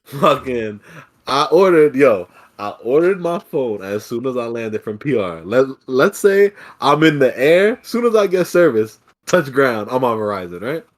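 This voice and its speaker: A young man co-hosting a casual podcast. He tells a story at a mid pitch with quick, animated energy, swearing freely and ranting as he goes. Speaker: podcast host.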